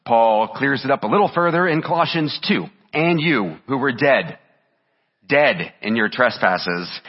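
A man's voice: mid-range voice, lively intonation, measured pace. Male pastor, earnest sermon, dull muffled sound, reverberant sanctuary. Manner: earnest preaching, reading scripture aloud with emphasis.

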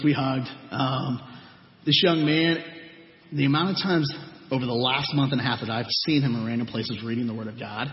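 A man who leads a youth ministry, earnestly telling stories about the young people he mentors and acting out what they said. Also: medium pitch. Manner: earnest storytelling, acts out quoted people. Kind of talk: testimony talk to a gathering. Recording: echoey hall, dull lo-fi sound.

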